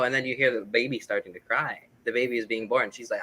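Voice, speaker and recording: A man's voice: mid-range voice, quick pace, hardly any pauses, a bit bright, low-quality recording. A man talking casually as an interview guest, explaining his records with lots of fillers and restarts. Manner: rambling, filler-heavy, enthusiastic explaining.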